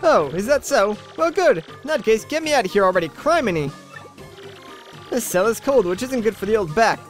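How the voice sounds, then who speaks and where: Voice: medium pitch, lively intonation, normal speed, soft background music, natural voice. A gamer voicing a grumpy, bossy old female tree-creature elder while reading a video game's dialogue aloud, in a scolding, impatient, folksy manner. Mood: cranky. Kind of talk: Let's Play dialogue reading.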